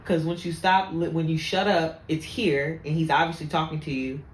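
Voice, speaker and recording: A woman podcast host telling stories about faith and anger, speaking in an animated, preachy way. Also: low voice, normal speed, a little hiss or hum. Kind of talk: casual faith talk. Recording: echoey room, faint ambience.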